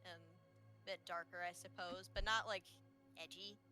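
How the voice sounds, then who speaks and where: Woman, tabletop player, casual rambling chat, many fillers, lower pitch. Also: fairly even intonation, moderate pace, sharp tone, faint music behind. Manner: rambling, hesitant, heavy use of filler words.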